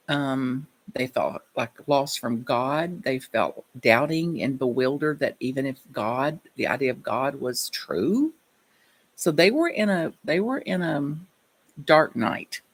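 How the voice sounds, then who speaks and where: Gravelly-voiced woman giving a reflective sermon. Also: sits low. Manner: reflective, personal storytelling. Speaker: minister.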